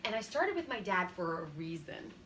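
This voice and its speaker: A woman's voice: medium pitch, big pitch swings, normal speed, a bit bright, slight background noise. A woman in her forties co-hosting a faith-based parenting chat, telling stories earnestly and laughing easily. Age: 40s. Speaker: co-host.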